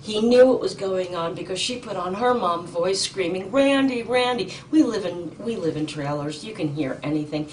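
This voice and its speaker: A middle-aged woman testifying in a courtroom, urgent and indignant, halting with ums and restarts. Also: on the low side, a little mellow. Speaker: petitioner in court. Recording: distant mic with faint noise.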